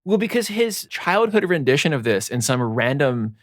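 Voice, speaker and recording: A podcast co-host chatting casually about a novel, relaxed and laughing, with lots of fillers. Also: mid-range voice, moderate pace, no echo, clean studio sound. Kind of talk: casual book discussion.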